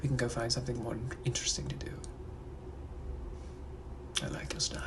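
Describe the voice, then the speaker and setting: A man voicing a suave, menacing 1800s British gentleman with a British accent, who drawls and flirts in a breathy, often whispered voice for comedic POV role-play. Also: medium pitch, little pitch movement, fairly quick, lightly acted. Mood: flirtatious. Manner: flirtatious and softly threatening, drawling.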